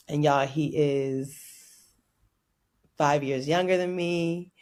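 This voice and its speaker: Animated, laughing woman from Oakland. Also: a bass voice, gravelly. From Oakland, California, USA. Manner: animated, laughs often, playful storytelling. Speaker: podcast guest. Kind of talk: casual interview chat.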